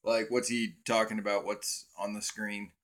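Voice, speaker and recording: A man's voice: fairly low pitch, little pitch movement, normal speed, a bit bright. A young man hosting a casual livestream on his cell phone, rambling and swearing as he talks to viewers in chat. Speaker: livestream host.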